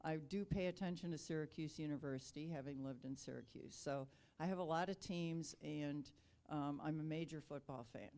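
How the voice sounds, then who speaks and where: A middle-aged Rotary district governor from Wisconsin gives a chatty, casual speech to a club, full of ums and light self-deprecating humor. Her low voice has a dark tone and a moderate pace.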